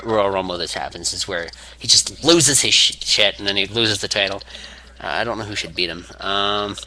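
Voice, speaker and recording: A man's voice: lowish voice, sharp tone, rough recording. A young man rambling through a fantasy wrestling booking idea, with many restarts, acting out quotes. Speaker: wrestling fan video maker.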